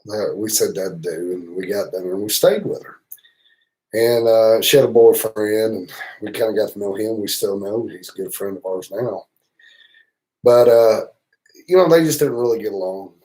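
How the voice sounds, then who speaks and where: A motorcycle travel channel host with a Southern US accent hosts a livestream, casually spinning rambling, profane stories and teasing as he goes. His fairly low voice has a warm tone and a moderate pace. The recording is rough.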